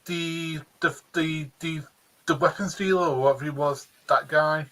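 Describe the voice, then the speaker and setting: A man co-hosting a casual review show, with a bright, sharp-edged voice that sits fairly high. He gives his opinions bluntly and stumbles through restarts as he talks. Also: steady tone, moderate pace, low-quality recording. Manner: blunt, restless, full of restarts. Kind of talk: casual chat.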